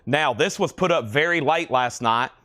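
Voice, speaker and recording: A man's voice: on the high side, normal speed, sharp tone, dry recording, studio quality. A man hosting a live record sale in a record store, chatting casually as he rattles off album titles, prices and buyers' names. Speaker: host selling records on a live stream. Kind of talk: casual live sales patter.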